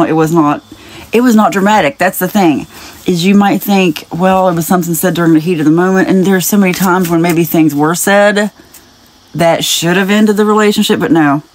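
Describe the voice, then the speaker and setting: A woman giving a casual spiritual reading straight to the viewer. She chats and rambles, wanders into side stories and laughs lightly between thoughts. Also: fairly low pitch. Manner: speaks directly to the viewer, wandering off into tangents. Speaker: spiritual message reader.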